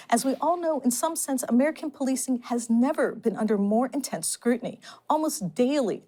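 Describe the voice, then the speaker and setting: A woman hosting an investigative news program, reading a scripted presentation in an earnest, measured way. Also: fairly high pitch, darkish tone. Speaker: host.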